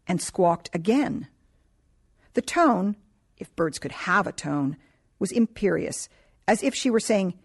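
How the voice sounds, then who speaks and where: A woman narrating a novel in a calm, measured reading voice. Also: on the low side. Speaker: audiobook narrator. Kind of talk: scripted narration.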